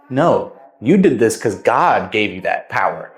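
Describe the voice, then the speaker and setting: A man's voice: mid-range voice, expressive, moderate pace, hardly any pauses, reverberant. A young man casually retelling a Bible parable, rambling and repeating words as he goes. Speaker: vlogger.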